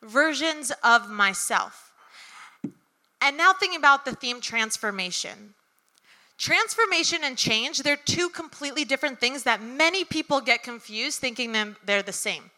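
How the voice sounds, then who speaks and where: A woman's voice: high voice, expressive, moderate pace, sharp tone. A young woman telling a personal story at a live event, chatty and full of ums and likes. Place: event venue with audience. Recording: reverberant hall.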